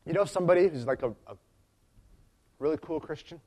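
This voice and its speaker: Pitched a little high with a darkish tone, a man delivers a conversational sermon. He spins stories casually, frequently starting over and breaking off into asides.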